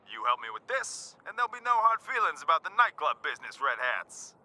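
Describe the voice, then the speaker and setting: A scheming cartel fixer with a high, bright, sharp-edged voice, selling his deal with loud, theatrical salesman patter. His pitch swoops up and down as he wheedles and flatters, and he plainly enjoys his own pitch. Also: brisk, full character voice. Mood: wheedling. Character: slick, scheming male cartel fixer on a radio. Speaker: game character.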